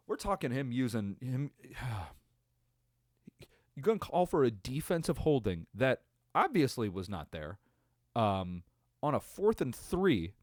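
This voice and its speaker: A man's voice: mid-range voice, a little mellow, no echo, studio quality. Profane rambling man ranting about sports. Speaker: podcast host. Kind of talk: casual sports reaction rant.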